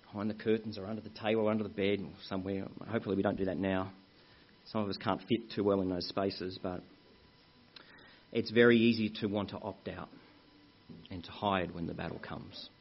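Husky-voiced male preacher, lo-fi recording. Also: sits low, steady tone, brisk. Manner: earnest, addresses congregation as brethren, tells anecdotes. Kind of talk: sermon. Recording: muffled lo-fi recording.

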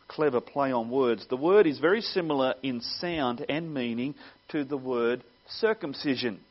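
A man preaching a sermon, earnest and teaching, with wry asides. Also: mid-range voice. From Australia. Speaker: pastor. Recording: dull lo-fi sound.

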